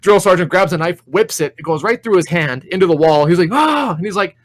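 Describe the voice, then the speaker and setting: A man's voice: high-pitched, fast talker, dry recording, poor audio. A man co-hosting a casual podcast, talking enthusiastically about movies and acting out scenes in raised voices. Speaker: podcast co-host. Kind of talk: casual chat.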